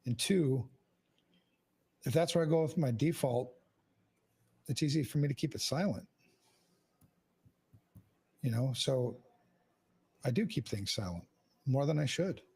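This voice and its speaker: Male podcast host, raspy with fry, frank and sweary, loose casual delivery. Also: medium pitch, animated, measured pace, pauses often, dark tone. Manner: frank, heavy swearing, restless restarts. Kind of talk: candid casual conversation.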